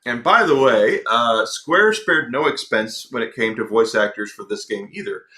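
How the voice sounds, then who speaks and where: A man's voice: medium pitch, lively intonation, moderate pace, pushed and bright. A man doing casual let's play commentary, chatting with viewers as he plays. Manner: chatty, reads and answers chat. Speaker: gaming video host.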